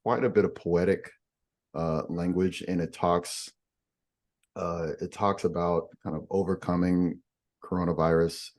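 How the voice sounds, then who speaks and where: A man's voice: sits low, fairly even intonation, unhurried, a little mellow. A man explaining language differences in a podcast conversation, patient and giving examples as he goes.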